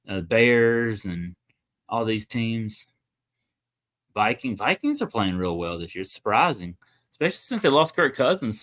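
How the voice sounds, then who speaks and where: A young man hosts a casual livestream, rambling and chatting with his viewers. His voice is medium-pitched with a fairly bright tone.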